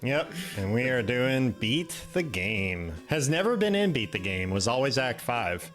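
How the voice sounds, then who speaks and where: A man's voice: mid-range voice, unhurried, soft background music. A man hosting a live stream, chatting casually with many fillers and restarts. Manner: relaxed, rambling with many fillers. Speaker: stream host.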